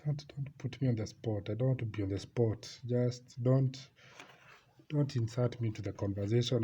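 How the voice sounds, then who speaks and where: A man's voice: medium pitch, steady tone, normal speed, dark tone. A young man casually telling a personal story, rambling and repeating himself, with laughs between lines. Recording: slightly dull lo-fi recording with faint noise.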